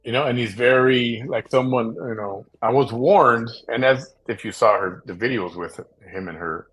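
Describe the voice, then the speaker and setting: A man hosting a late-night talk show, chatting casually in a rambling way with many fillers and pauses. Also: mid-range voice, a bit bright, breathy edge, low-quality recording. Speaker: podcast host.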